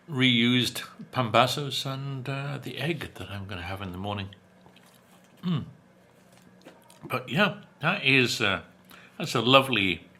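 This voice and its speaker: This man's voice sits at medium pitch, bright and forceful. He's a food vlogger casually talking through a takeout meal while he eats it, with dry humor. He takes his time, chewing and humming between remarks.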